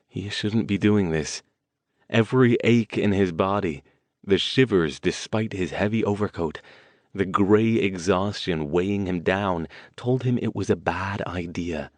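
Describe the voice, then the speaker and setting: A man narrating an audiobook in a measured storytelling manner. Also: deep voice, dry recording. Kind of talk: scripted narration.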